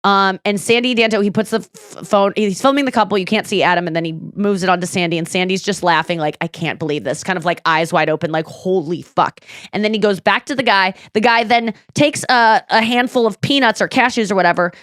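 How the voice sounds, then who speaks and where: Woman podcast host, mid-pitched, lively swearing storyteller, dry recording. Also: fast, hardly any pauses, clean tone, no echo. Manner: animated storyteller, swears freely, acts out quotes. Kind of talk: casual chat.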